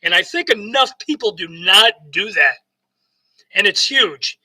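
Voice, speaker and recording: Male motivational speaker, New York accent, very bright high voice, rambling storyteller. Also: animated, a little slow, breathy edge, rough recording. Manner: rambling, repeats words and restarts often; acts out both sides of remembered conversations. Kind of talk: casual storytelling monologue.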